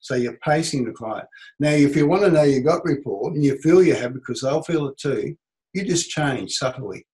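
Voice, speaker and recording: A middle-aged Australian man, a business coach, teaching a seminar and acting out quoted speech in an animated way. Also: fairly high pitch, moderate pace, low-quality recording.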